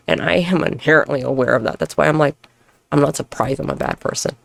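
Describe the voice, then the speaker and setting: A woman talks through a casual solo podcast episode with a rough, gravelly edge to her voice. Her pitch leaps and dips constantly as she rambles. She swears freely and mocks herself, and the sound is close and dry. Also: no room sound. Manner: rambling, profane, self-mocking. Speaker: podcast host.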